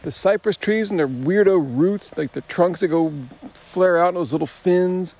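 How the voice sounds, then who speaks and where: A man's voice: sits high, normal speed, darkish tone. A man in a casual outdoor travel vlog, talking in a chatty, wry and self-mocking way. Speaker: travel vlogger. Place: outdoors by a swamp.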